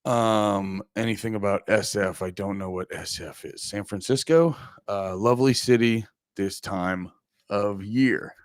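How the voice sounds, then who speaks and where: A man's voice: fairly low pitch, fairly even intonation, a little slow, dry recording, clean studio sound. A man hosting a livestreamed podcast, chatting loosely and profanely with his viewers and sounding a little groggy. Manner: rambling, profane, talks to chat. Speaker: podcast host. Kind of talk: casual livestream chat.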